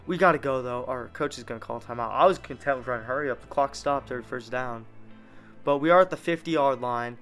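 Excitable young man calling his game plays. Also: medium pitch, fairly quick, soft background music. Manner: excitable, narrates plays as they happen. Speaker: gaming YouTuber. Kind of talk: live gameplay commentary.

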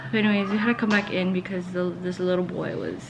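A woman's voice: on the low side, a little fast, creaky, highs cut off, background noise. A young woman vlogging in casual chat, telling stories and acting out what people said. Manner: chatty, says "like" a lot, retells stories with quoted voices.

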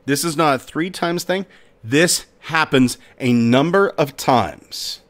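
A man hosting a podcast, narrating a folk tale in a dramatic, expressive storytelling manner. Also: fairly high pitch, slow. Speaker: podcast host.

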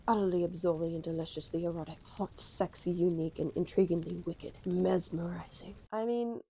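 A woman with an Australian accent chatting excitedly to camera as a book vlogger. She sounds stuffy and nasal from a cold and swears casually. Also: medium pitch, dry recording. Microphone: dedicated microphone close up.

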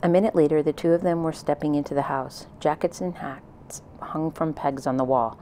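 A woman reading a children's novel aloud in a gentle, plain storytelling manner. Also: deep voice, fairly even intonation, moderate pace, slight background noise, rough recording. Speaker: audiobook reader.

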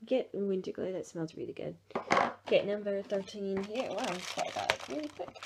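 Gravelly-voiced woman vlogging. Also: mid-range voice, animated, normal speed, very noisy. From England. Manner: chatty and rambling, repeats her plans. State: sore throat. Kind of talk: casual vlog chat. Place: at home, indoors.

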